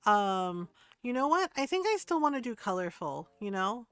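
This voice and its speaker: A woman's voice: medium pitch, sing-song, normal speed, fairly bright tone, clear, resonant tone, no echo, soft background music. A woman streaming a cozy game, chatting casually and thinking aloud with plenty of fillers. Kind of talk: casual gameplay chat.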